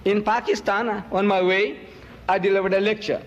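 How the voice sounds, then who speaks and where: Emphatic high-voiced man lecturing. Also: steady tone, moderate pace, in a large hall, lo-fi sound, slight background noise. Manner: emphatic, accusing, swings pitch up sharply on key words. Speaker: Muslim preacher and debater. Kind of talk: public lecture to an audience.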